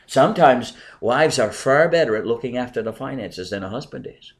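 A middle-aged pastor preaching earnestly to a congregation, pressing his points with emphasis, then dropping to quieter asides. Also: mid-range voice, lively intonation, brisk. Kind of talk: sermon with congregation replies.

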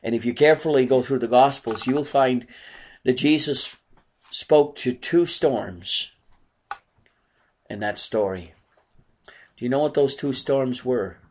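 A man's voice: mid-range voice, unhurried, pauses often, darkish tone, slight background noise. A man preaching a sermon in an earnest way, often asking rhetorical questions.

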